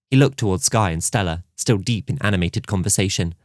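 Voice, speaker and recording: Man, audiobook narration, calm, measured, lowish voice, dry close sound. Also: no echo.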